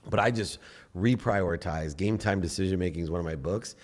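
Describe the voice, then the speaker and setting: Deep-voiced middle-aged man, animated guest. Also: brisk. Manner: animated, acts out his inner voice with swearing. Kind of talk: casual interview talk.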